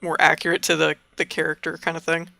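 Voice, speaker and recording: A man talking casually on a podcast, insistent when he makes a point. His voice sits high and has a gravelly edge, with a very sharp, bright tone. The sound is dry. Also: completely flat delivery, fast, no room sound. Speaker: podcast co-host. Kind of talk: casual chat.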